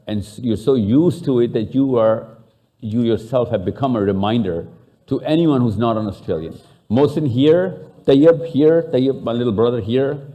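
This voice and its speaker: A man with a Pakistani accent leads a live session, bantering and questioning people in the room. His voice is mellow and mid-pitched, and he slips into Urdu and Hindi between English lines. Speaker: speaker. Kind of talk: live talk to an audience.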